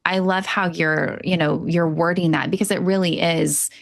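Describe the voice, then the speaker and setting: A woman's voice: lowish voice, fairly even intonation, moderate pace, gravelly. A woman hosting a podcast as an emotional wellness coach, chatting casually with a guest over a remote call and affirming her with lots of fillers.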